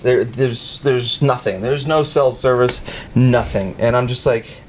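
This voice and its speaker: A man telling a hunting story in casual chat, animated and laughing often as he acts out what people said. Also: medium pitch, measured pace, a little hiss or hum.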